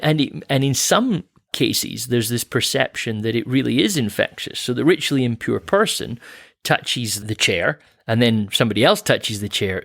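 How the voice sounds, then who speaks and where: A man's voice: medium pitch, gravelly, a bit bright, no echo, studio quality. A man co-hosting a Bible podcast, explaining ideas patiently with light chuckles. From Canada. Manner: explanatory, laughs lightly, frequent restarts. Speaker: podcast co-host.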